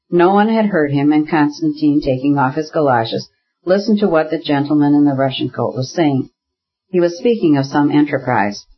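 Husky male audiobook narrator. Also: on the high side, muffled recording. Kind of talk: scripted narration of a classic novel.

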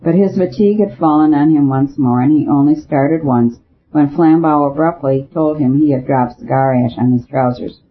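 A man reading an audiobook as narrator, with a steady, even storytelling delivery. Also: on the high side, normal speed, breathy edge. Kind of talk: scripted narration. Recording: tinny phone-like audio.

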